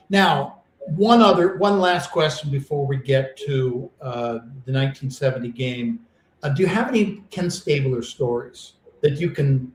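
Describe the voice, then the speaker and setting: A man's voice: mid-range voice, roomy sound, poor audio. A man co-hosting a sports radio interview, setting up his questions at length. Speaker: co-host interviewer.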